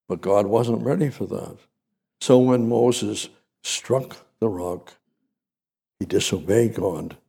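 A man delivers a sermon in a slow, deliberate cadence, leaning on repetition. His voice is dark and gravelly with a husky edge. He jumps up in pitch on key phrases. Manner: repetitive, emphatic preaching with sudden pitch rises. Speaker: preacher.

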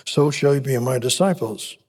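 A man preaching a sermon in an emphatic, repetitive way, with frequent restarts and halting pauses. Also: mid-range voice, darkish tone, breathy edge.

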